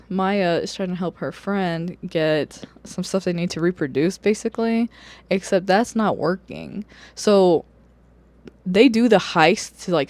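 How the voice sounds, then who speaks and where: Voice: mid-range voice, darkish tone, no echo. Loose, swearing book vlogger chat. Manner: loose, profane, full of fillers and laughs. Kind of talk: casual book review chat. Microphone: camera or phone on a wobbly stand.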